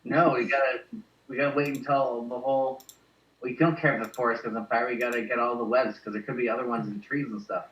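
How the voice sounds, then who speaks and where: A man's voice: mid-range voice, fairly even intonation, fast. Man on a dull, echoey distant mic. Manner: plans tactics out loud with restarts. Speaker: player. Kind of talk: casual tabletop game chat.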